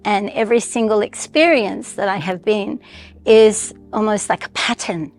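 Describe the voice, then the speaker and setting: A woman in her sixties with a Colombian Spanish accent and a slight American twang speaks in a reflective, heartfelt way, pausing and restarting as she gathers her thoughts. Her voice sits at an ordinary middle pitch, with soft music faint in the background. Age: 60s. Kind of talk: personal storytelling.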